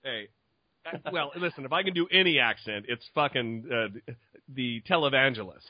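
A man's voice: mid-range voice, moderate pace, no echo, lo-fi sound. A man hosting a podcast in a casual chat, sarcastic and profane. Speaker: podcast host.

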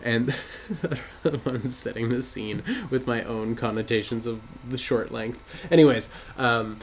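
A man's voice: mid-range voice, steady tone, a little slow, slight background noise. A man co-hosting a podcast in casual chat, rambling and laughing through crude banter. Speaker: podcast co-host.

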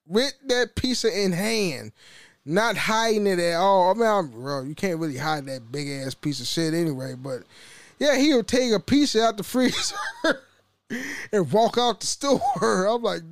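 Casting: young male podcaster, slightly high voice, loose profane rambling, dry close sound. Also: lively intonation, measured pace, dry recording. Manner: rambling, profane, laughs often, restarts. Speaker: podcast host. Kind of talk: casual solo podcast rant.

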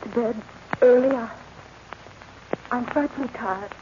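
An actress playing a nervous, tender young governess in a 1940s radio drama, talking in a breathy, anxious way. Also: female voice, fairly high pitch, measured pace, lightly acted. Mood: weary. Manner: breathy, anxious inner monologue. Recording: noisy, muffled 1940s radio recording.

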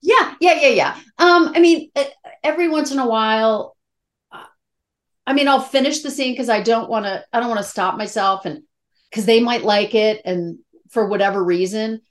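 A woman's voice: a little high, moderate pace. A middle-aged woman, an actress, talking candidly and emotionally in a casual interview, with many fillers and restarts. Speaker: actress guest.

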